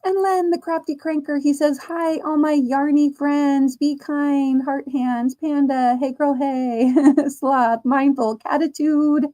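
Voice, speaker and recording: A woman whose warm voice sits high, with fairly even intonation, runs a casual crochet livestream. Chatty and slow, she laughs a lot and reads out chat comments while crocheting.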